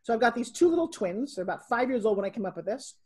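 Husky, animated middle-aged woman. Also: a little high, quick pace. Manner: animated storyteller, acting out quotes. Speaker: podcast guest, entrepreneur. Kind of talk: casual interview.

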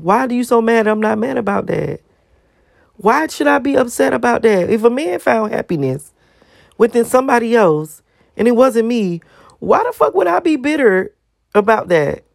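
A woman vlogger in a heated, profane rant, stacking rhetorical questions and repeating herself for emphasis. Her voice sits at an ordinary middle pitch. It sounds dry and close, with no room echo. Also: vocal fry, darkish tone. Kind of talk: ranting monologue to camera.

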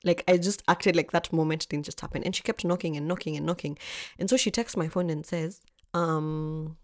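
A young woman tells her own story with lively, swinging emphasis and frequent swearing. Her speaking voice sits fairly low. The sound is close and dry, with no room echo. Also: fairly quick. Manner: animated, expressive, swears freely. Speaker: vlogger. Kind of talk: storytelling chat.

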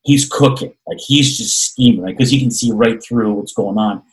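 Deep-ish male storyteller, animated, acts out other people's lines. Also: normal speed, low-quality recording. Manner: animated, acts out quoted voices, repeats words. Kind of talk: storytelling in casual chat.

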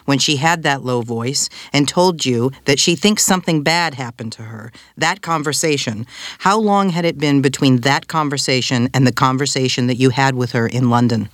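A formal prosecutor, played by a man, questions a witness in a mid-range, measured voice. The recording is dry and close, with no room sound. Each question comes out deliberate and careful. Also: medium pitch, fairly bright tone, no echo, lightly acted. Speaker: prosecutor in a courtroom reenactment. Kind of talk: scripted reading of court questioning.

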